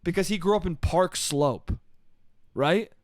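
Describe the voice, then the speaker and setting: A man's voice: high voice, a little slow, dry recording. A man hosting a solo comedy podcast, telling a story in an exasperated, profane way and saying "dude" often. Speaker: podcast host. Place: New York.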